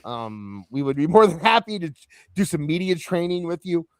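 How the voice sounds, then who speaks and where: Lively joking podcast host, man. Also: fairly high pitch, moderate pace, no echo, studio quality. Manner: animated, joking, lots of fillers. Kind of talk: casual chat.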